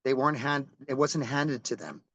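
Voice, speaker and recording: A man's voice: medium pitch, moderate pace, fairly bright tone, a little hiss or hum, low-quality recording. A middle-aged man, a rock musician, telling stories in a casual interview, rambling and restarting as he goes and swearing casually.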